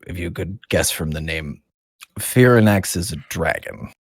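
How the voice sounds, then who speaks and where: A male game master narrating a tabletop session in a casual, loose way. His voice is low and husky, with a dry sound and no room echo. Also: a little slow. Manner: casual, with fillers and restarts.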